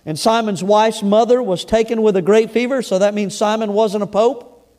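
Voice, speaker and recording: Male pastor, middle-aged, high voice, conversational sermon, humorous asides, church. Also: steady tone, normal speed, warm tone. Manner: reads scripture aloud, then comments with asides and humor; storytelling, conversational, with restarts. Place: church sanctuary.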